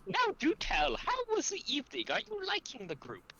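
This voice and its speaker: A man's voice: very high voice, wildly swooping pitch, moderate pace, bright, forceful tone, muffled recording, voice pushed up, full character voice. A sweet, sing-song old busybody who fusses over everyone, as a man puts her on in a tabletop game. The voice climbs well above his own and swoops from note to note. A faint hiss sits behind it. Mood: doting, nosy. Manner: sing-song, sweet, calls others dearie. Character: fussy, doting older woman, chatty and nosy.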